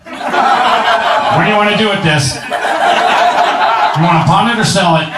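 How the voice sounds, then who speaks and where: A man's voice: high-pitched, lively intonation, slow pace, very noisy, voice pushed up, exaggerated voice. A man doing an impression of a middle-aged pawn shop owner who sounds strained and unsure of himself, in a stand-up set recorded in a roomy live room from a distance. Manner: hesitant, strained, sounds constipated.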